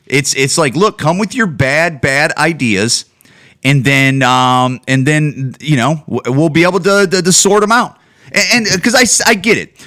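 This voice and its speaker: Animated ranting man, podcast host. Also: on the high side. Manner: heated, profane, with many restarts and repeated words. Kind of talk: ranting solo podcast commentary.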